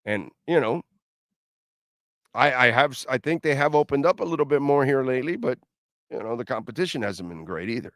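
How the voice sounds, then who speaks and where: A man's voice: mid-range voice, animated, fairly quick, a bit bright, dry recording, clean studio sound. A middle-aged man hosting a sports talk radio show, ranting bluntly and lecturing listeners.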